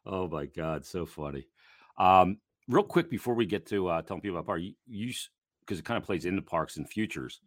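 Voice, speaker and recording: A man co-hosting a casual sports podcast, telling animated stories and laughing often. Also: deep voice, brisk, dry recording, studio quality. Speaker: podcast co-host.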